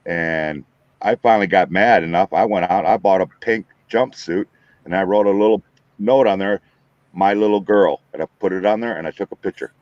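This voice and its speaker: An older man, a podcast guest, talking in a halting way, with restarts, about family. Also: sits low, darkish tone, no echo, lo-fi sound. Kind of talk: casual chat.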